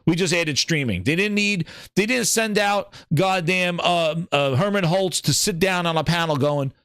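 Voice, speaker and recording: A man's voice: high voice, moderate pace, clear, resonant tone, no room sound, clean studio sound. A man hosting a gaming podcast, ranting sarcastically and swearing freely in casual commentary. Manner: profane, sarcastic, animated. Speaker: podcast host.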